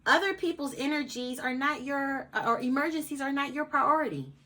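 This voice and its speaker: A blunt woman talks straight to her viewers with a bright, forceful voice that sits a little high. She swears freely and hammers her points home by repeating them. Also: animated, moderate pace. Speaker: advice channel host. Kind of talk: casual motivational talk to camera.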